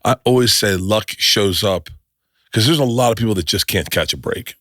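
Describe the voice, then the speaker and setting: A middle-aged man hosting a podcast, chatting casually and telling stories with lots of swearing and quick restarts. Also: lowish voice, a bit bright, no room sound, studio quality. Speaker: podcast host. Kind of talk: casual chat.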